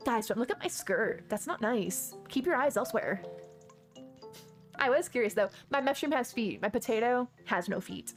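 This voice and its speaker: A bubbly woman streamer with a fairly high voice, chatting casually to her viewers from home as she plays. She often gasps and exclaims, and faint game music plays softly behind her. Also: expressive, brisk. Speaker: live streamer. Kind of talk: casual gaming stream chat.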